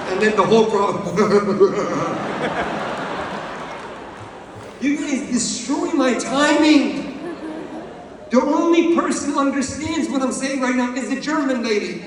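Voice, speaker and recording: Man, from Iran, stand-up comedy, animated, roomy reverb, distant mic. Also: very high-pitched, noisy background. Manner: animated storytelling, bursts of sung and shouted bits. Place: theatre stage. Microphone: handheld mic. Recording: echoey hall from far off.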